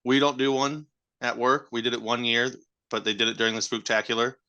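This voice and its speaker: Bright-toned joking male co-host. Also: medium pitch, little pitch movement, brisk. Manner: joking, wry banter with profanity. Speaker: podcast co-host. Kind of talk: casual chat.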